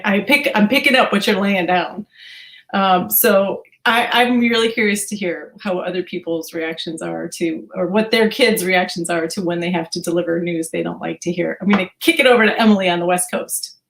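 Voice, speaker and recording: A middle-aged woman co-hosting a parenting show, chatting casually in a measured way with dry humor. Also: on the low side, creaky, low-quality recording. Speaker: parenting magazine co-host. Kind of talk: casual chat.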